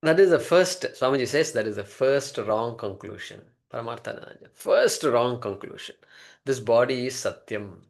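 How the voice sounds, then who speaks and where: A man's voice: mid-range voice, animated, moderate pace, creaky. A man giving a classroom lecture on a Sanskrit text, explaining word by word and posing rhetorical questions. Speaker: scripture teacher.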